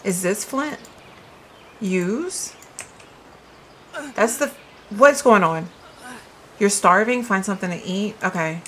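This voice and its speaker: A woman's voice: medium pitch, takes it slowly, long pauses, fairly bright tone, slight background noise, low-quality recording. A woman giving casual let's-play commentary, chatty and puzzled, thinking aloud to her viewers. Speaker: gaming video creator.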